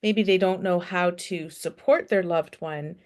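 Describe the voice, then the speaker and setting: A woman's voice: lowish voice, unhurried. A woman in her forties hosting an interview, asking questions in a thoughtful way and sharing her own stories as a therapist. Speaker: host, therapist. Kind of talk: interview conversation.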